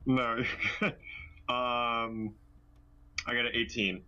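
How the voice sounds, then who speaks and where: A man's voice: mid-range voice, little pitch movement, extremely slow, bright, forceful tone, dull audio. A man playing a tabletop game over a call, hesitant and joking. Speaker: player. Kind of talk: casual game chat. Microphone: computer mic, online call.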